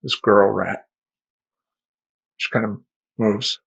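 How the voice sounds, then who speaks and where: Gravelly, husky male storyteller, animated and self-mocking, mid pitch. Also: slow pace. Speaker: life coach telling a story. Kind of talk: comedic personal storytelling. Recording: dull lo-fi sound.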